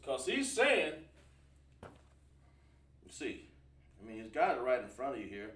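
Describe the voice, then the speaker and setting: A man's voice: medium pitch, wildly swooping pitch, measured pace, a bit bright. A man teaching a livestreamed scripture class, emphatic and quizzing his online audience. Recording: roomy sound from a distant mic.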